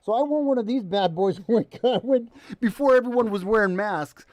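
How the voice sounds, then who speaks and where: A man hosting a casual news commentary stream, sarcastic and animated, swinging between loud remarks and muttered asides. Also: high voice, normal speed, dry recording. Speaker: host.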